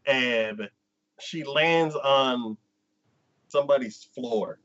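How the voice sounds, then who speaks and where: A man's voice: medium pitch, drawn-out words, a bit bright, highs cut off. A man co-hosting a casual chat, recapping a plot in a rambling way full of "like" and "um". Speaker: co-host.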